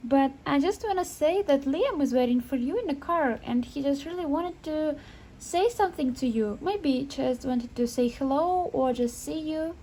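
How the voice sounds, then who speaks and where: A woman voicing an excitable, chatty young woman writer who talks in quick exclamations in a home-made toy sketch. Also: high voice, a little hiss or hum. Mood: excited. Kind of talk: amateur toy sketch voice acting.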